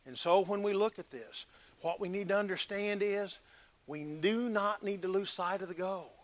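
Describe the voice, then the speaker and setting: A man preaching a sermon, emphatic, swinging between loud exhortation and hushed earnest talk. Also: high voice, moderate pace.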